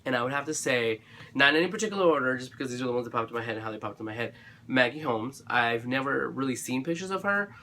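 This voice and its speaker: A man who runs a craft channel chats casually on camera about his craft supplies, gushing, rambling, and restarting with many fillers while his throat sounds a bit dry. He talks quickly at medium pitch, pushed and bright, with slight background noise.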